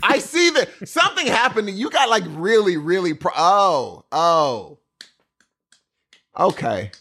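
Animated high-voiced man. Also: slow. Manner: animated storyteller, acts out texts in voices. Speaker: podcast co-host. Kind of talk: casual podcast banter.

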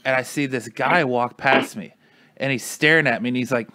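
A man with an average-pitched voice tells a rambling story to friends, acting out everyone's lines. The sound is dry and close, with almost no room around him. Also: moderate pace, pushed and bright, no room sound. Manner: rambling anecdote full of "like" and quoted dialogue. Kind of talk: casual chat.

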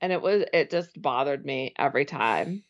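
A young woman co-hosting a casual movie podcast, giggly and animated as she retells scenes. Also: a bass voice, moderate pace. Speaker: podcast co-host.

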